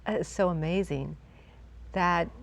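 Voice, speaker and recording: Tv host lady, lowish voice, keeps saying yes and right to her guest. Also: creaky. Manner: warmly affirming, quick interjections. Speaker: talk show host. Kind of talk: television interview.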